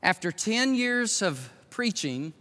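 A man preaching to his congregation, his voice pitched high and bright. He swings from loud, driving exhortation to hushed, pointed emphasis. The sound carries a long reverb off the church hall. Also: sing-song, slow. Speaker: pastor. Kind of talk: sermon. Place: church sanctuary.

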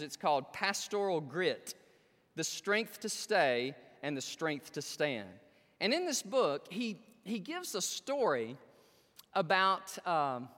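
High, animated male preacher in a hall. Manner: storytelling, self-deprecating humor, stammered restarts. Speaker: pastor. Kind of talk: sermon. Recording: long reverb of a large hall.

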